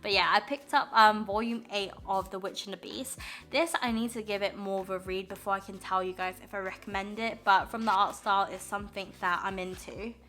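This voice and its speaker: This manga vlogger from the UK is a young woman whose mid-range voice comes across bright and forceful, a little fast, with fairly even intonation. Chatty and gushing, she runs through her manga haul packed with ums and likes.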